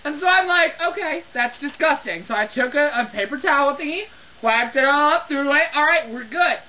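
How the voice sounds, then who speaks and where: A woman's voice: sits high, expressive, fairly quick. A young woman who works as a restroom cleaner, ranting to camera in an exasperated comedic way and apologizing as she goes. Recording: dull lo-fi webcam audio.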